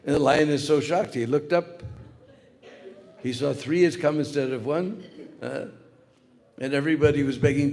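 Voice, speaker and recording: A man's voice: on the high side, moderate pace, vocal fry, long pauses. A man giving a spiritual lecture, telling a story with lots of "uh" fillers. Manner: animated storyteller with many fillers. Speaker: spiritual speaker. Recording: long hall reverb.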